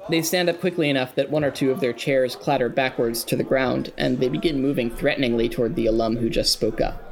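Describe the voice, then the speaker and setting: A man's voice: mid-range voice, fairly quick. Man narrating as game master. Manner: relaxed, laughs at his own jokes.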